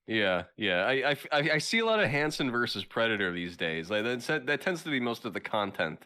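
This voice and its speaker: A man's voice: mid-range voice, very animated, brisk, pushed and bright. A man co-hosting a casual podcast chat, riffing with dry, crude one-liners. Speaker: podcast co-host.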